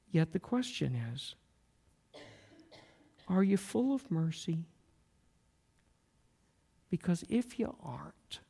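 A man preaching a sermon, telling a story in a slow, earnest way and dropping to a near-whisper at times. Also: sits high, expressive, gravelly, warm tone, slightly rough.

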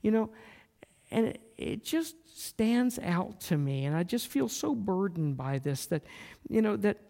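Male preacher, sermon storytelling, slow earnest delivery, gravelly voice. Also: high-pitched, big pitch swings, warm tone. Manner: slow and earnest, drops to a near-whisper at times.

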